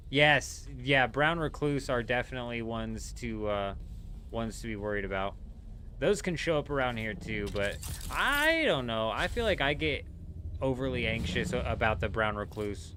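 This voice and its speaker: Young guy streaming games, bright voice, swears a lot, says bro and dude constantly, faint noise behind. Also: mid-range voice, normal speed. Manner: animated storytelling, swearing, calls chat "bro" and "dude". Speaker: gaming livestreamer. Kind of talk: casual live-stream chat. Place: home.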